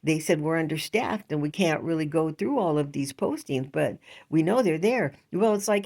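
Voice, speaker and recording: A woman's voice: deep voice, expressive, unhurried, darkish tone, husky. An older woman vlogging in a casual, rambling monologue, indignant and chatty, with frequent laughs.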